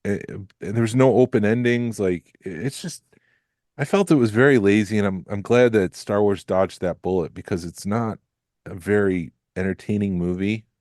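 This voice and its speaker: A man's voice: lowish voice, moderate pace, a little mellow, dry recording, clean studio sound. A man co-hosting a podcast, giving blunt, critical opinions in a casual chat. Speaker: podcast co-host.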